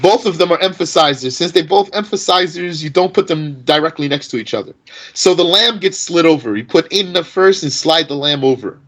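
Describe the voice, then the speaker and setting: An animated man, teaching Arabic grammar and firing off rhetorical questions. His voice sits a little high, and its pitch swings widely as he stresses each point. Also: a little fast, poor audio. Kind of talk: explanatory lesson.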